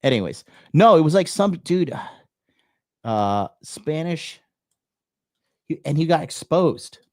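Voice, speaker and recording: A man's voice: a little high, big pitch swings, slow, dry recording. Young male host, brash and foul-mouthed, dry close sound, reacting live to a clip. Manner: blunt and profane, loose and swaggering. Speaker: dating coach hosting a call-in show.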